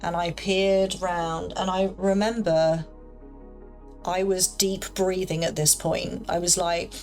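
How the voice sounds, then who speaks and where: A woman's voice: lowish voice, flat delivery, slow pace, darkish tone, soft background music. A young woman casually telling a personal story in a chatty, rambling way full of fillers. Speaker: paranormal storyteller.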